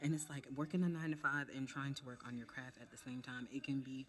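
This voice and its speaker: A young woman chatting casually through a makeup tutorial, animated and calling her viewers baby and honey. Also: very deep voice, quick pace. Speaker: makeup creator.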